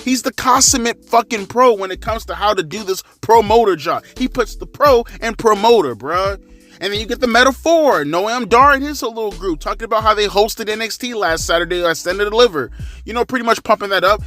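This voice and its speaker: A man's voice: high voice, fairly quick, faint music behind. A man in his thirties giving a casual, profane, slangy rant as a wrestling commentary vlogger. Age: 30s. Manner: slangy, animated, crude.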